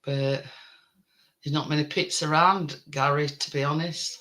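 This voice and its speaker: A man with a Yorkshire accent talks slowly and haltingly, often stopping to restart his sentences as he hosts a casual live stream chat. His voice has a very bright, sharp edge. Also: fairly high pitch, fairly even intonation. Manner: halting, rambling speech with many restarts.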